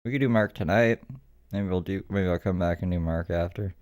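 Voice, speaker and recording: A man's voice: sits low, a little fast, a little mellow. A man hosting a live stream, chatting casually and joking to himself as he clicks through videos. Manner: chatty, jokey, talks to himself while clicking around.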